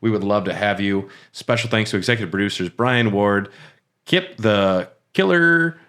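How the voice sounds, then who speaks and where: A man's voice: fairly low pitch, steady tone, a little fast, fairly bright tone. A man hosting a podcast, winging the closing reads in casual, laughing chat. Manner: laughing, wings the outro reads. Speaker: podcast host. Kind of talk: casual chat and show outro.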